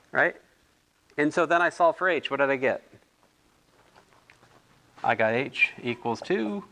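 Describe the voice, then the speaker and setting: A man's voice: medium pitch, vocal fry, a bit bright. A man tutoring physics homework in a casual, thinking-aloud way, correcting himself and adding chatty asides.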